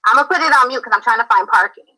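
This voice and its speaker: A woman's voice: on the high side, lively intonation, very fast, bright, forceful tone, poor audio. A woman from Philadelphia on a live-stream call, confrontational, emphatic and repeating herself. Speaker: panel guest.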